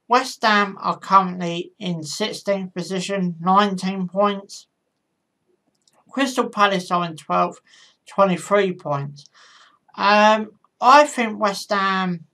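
A woman with a lowish, fairly bright voice hosts her own football channel as a pundit. She walks through match predictions casually and hesitantly, with frequent ums and self-corrections.

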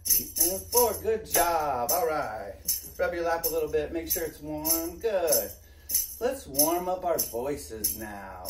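A young man teaching a virtual preschool music class, leading children in an upbeat, sing-song way. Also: fairly high pitch. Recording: echoey room, mic at a distance, music.

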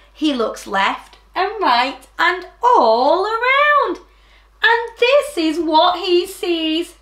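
A woman reading a rhyming picture book aloud to children in an animated, sing-song way, then talking to them directly. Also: sits high, reverberant. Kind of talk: storybook read-aloud for children.

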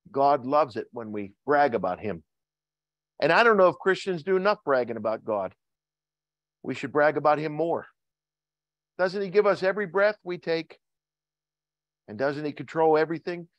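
An older man preaches a church sermon and reads old scripture slowly, lifting his voice on the key words. Between readings he talks plainly to his congregation. The recording is muffled and dry, with little room sound. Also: fairly high pitch, dry recording. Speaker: pastor. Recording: dull lo-fi sound.

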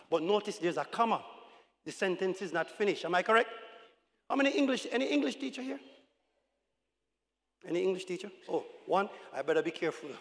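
An older man preaching an evangelistic sermon in a large church, calling to the congregation and swinging from shouts to quiet talk. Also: high voice, lively intonation, a little fast. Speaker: pastor. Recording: long hall reverb.

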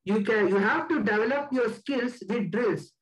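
A man giving a slide presentation as a guest speaker, deliberate and stressing key words. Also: extremely high pitch, rough recording.

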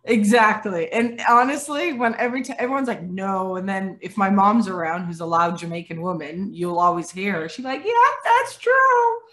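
A woman's voice: medium pitch, normal speed, few pauses. A woman in her forties from Dominica who grew up in Canada, talking as a guest on a video call and acting out the voices in her stories. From Dominica, raised in Canada. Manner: animated storyteller, acts out quoted voices, laughs often. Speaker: guest speaker, former athlete.

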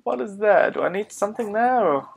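A man commenting on his own gameplay in an excitable, joking way, often exclaiming to himself. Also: high voice, a little fast, a little hiss or hum. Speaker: gaming video host. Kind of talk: let's play commentary.

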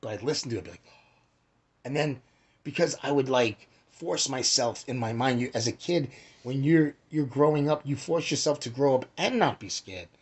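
A young man hosting an astrology talk in a casual, rambling way, swearing and jumping between shouts and whispers as he acts out quotes. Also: mid-range voice, normal speed, slightly rough.

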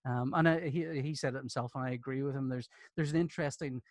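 Speaking quickly at a medium pitch with no echo, the man is a podcast guest and comics artist from Northern Ireland, aged in his fifties. He relates jokey anecdotes in easygoing chat, animated and prone to laughing.

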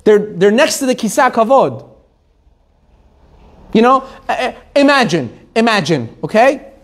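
A man, a rabbi, teaching a Torah class to a live audience, animated, asking the room questions and laughing often. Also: very high-pitched, a little slow.

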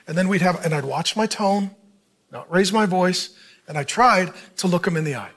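A middle-aged pastor with a fairly high voice, preaching in a relaxed, conversational way. He throws questions out to the audience and slips into short acted lines of dialogue as he talks. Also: fast talker, breathy edge. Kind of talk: sermon.

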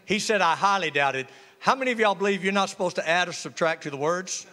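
With a high, sharp voice and a quick pace, this man delivers a humorous sermon full of call-and-response. He's a pastor in a church sanctuary, and the hall around him is reverberant.

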